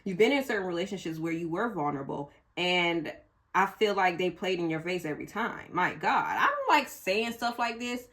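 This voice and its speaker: A woman's voice: fairly low pitch, lively intonation, normal speed, fairly bright tone. A woman reading tarot cards for viewers in a casual, emotional way, cursing freely as she goes. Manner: blunt, emotional, curses freely. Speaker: tarot reader.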